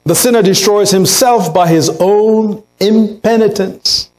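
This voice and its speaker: Pastor in a church sermon: a man with a high, unhurried, earnest delivery. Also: poor audio. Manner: earnest preaching, acts out quotes in a raised voice. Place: church sanctuary.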